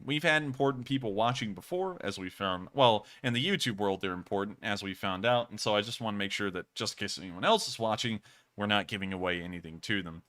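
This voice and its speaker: The host of this live stream is an American man with a lowish, bright, forceful voice. He answers viewers' questions in a loose, talkative way, catching and fixing his own words as he goes.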